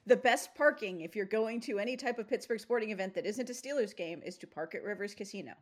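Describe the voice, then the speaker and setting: A woman's voice: medium pitch, fast talker. A woman co-hosting a casual sports podcast, tossing in joking asides. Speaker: podcast co-host. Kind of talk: casual chat.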